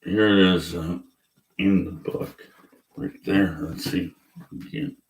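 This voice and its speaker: Male vlogger, low gravelly voice, slow profane rant; echoey room. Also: fairly even intonation. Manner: blunt, profane, rambling with fillers. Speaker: atheist vlogger. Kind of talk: ranting vlog monologue.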